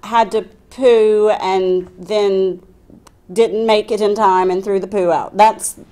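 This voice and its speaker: A woman's voice: mid-range voice, steady tone, slow pace, warm tone. A woman co-hosting a live stream in casual chat, reacting with short questions and laughing easily.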